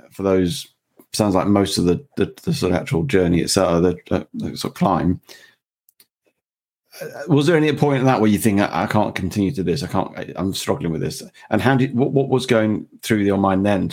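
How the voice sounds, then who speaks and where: A male interviewer who asks halting questions, often repeating words as he works them out. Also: low voice, darkish tone, husky.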